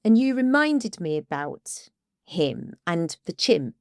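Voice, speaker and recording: A woman, an ADHD coach co-hosting a podcast, talking casually and with emotion, often halting and restarting. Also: lowish voice, sing-song, no room sound, studio quality.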